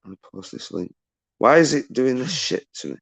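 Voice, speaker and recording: A man's voice: mid-range voice, sing-song, a little fast, gravelly, breathy edge. A man on a livestream, agitated and swearing as he reads out and answers viewer messages. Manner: agitated and ranting, swears often, shouts out viewers.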